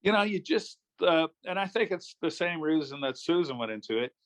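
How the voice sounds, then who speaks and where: An older man from New York State talks as an interview guest, slipping into relaxed, chuckling anecdotes. His voice sits slightly higher than most men's. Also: brisk. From New York State, USA. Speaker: guest, former politician. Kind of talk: casual interview storytelling.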